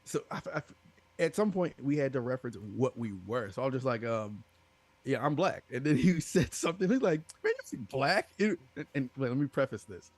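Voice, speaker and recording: A man co-hosting a casual gaming podcast, telling stories from his gaming past. He talks loosely, with restarts, and gets animated when he acts out what others said. His voice sits in a middle pitch. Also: brisk. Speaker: podcast co-host. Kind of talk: casual storytelling chat.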